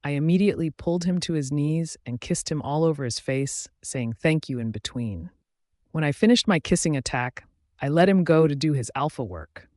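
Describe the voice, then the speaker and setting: A man narrating a fantasy romance audiobook in the first person, in an even storytelling delivery. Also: a little high, normal speed, dry recording, studio quality.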